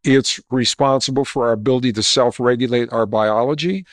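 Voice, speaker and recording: Male interview guest, mid-pitched, confident explainer, dry close-miked sound. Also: a little fast, dry recording. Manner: animated storyteller, emphatic and explanatory. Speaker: guest author and geologist. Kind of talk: storytelling interview answers.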